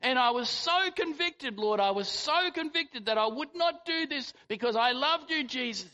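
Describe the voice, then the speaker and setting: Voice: sits high, animated, moderate pace, sharp tone, muffled recording, pitched above the performer's own voice. A preacher voicing a remorseful grieving disciple. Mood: anguished, pleading. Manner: pleading, self-reproaching prayer. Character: grief-stricken man, a remorseful disciple. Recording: long hall reverb.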